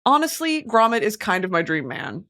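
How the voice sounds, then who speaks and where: A woman hosting a podcast in casual chat, goofy and excitable, given to loud squeals and dramatic wails, and swearing freely. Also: mid-range voice, moderate pace. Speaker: podcast host.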